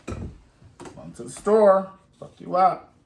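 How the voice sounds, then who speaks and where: A man's voice: sits high, expressive, takes it slowly, vocal fry, voice pushed up, exaggerated voice. A man putting on the voice of a feisty old grandmother who scolds and threatens a grandchild in a profane, bossy way.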